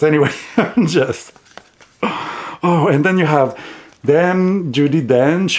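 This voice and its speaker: A man with a heavy non-native English accent chats casually on his tarot vlog. His voice is mid-range and a little mellow, and he rambles and giggles as he goes.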